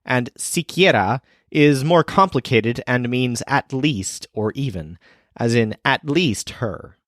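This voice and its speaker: A man teaches with a lively, rising and falling voice. He is recorded close in a dry room with no echo. He explains clearly and slows down for his example sentences. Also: medium pitch. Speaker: language teacher. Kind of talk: scripted teaching narration.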